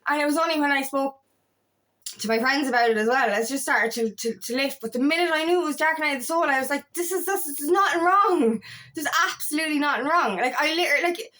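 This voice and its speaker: High-voiced woman, frank and profane. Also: fast talker, fairly bright tone. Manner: frank and profane, tells stories with self-quotes. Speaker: feminine empowerment coach. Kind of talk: casual confessional vlog monologue.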